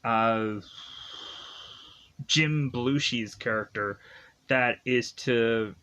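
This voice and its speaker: A man casually recapping a movie plot, halting often and chuckling as he goes. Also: mid-range voice, a bit bright. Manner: halting, filler-heavy, chuckling. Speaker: film reviewer.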